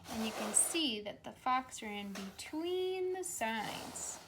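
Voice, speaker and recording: Woman teacher, storybook reader for small children, coaxing and gentle, high and unhurried. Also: lively intonation, background noise. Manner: gentle, coaxing, invites children to repeat animal sounds. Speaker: teacher reading a picture book. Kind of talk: slow storybook reading for young children.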